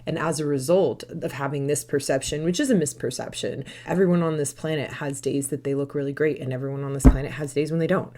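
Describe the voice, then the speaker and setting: A woman mindset coach as a podcast guest, talking fast and animatedly and laughing often. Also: sits low, steady tone, warm tone. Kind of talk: podcast interview.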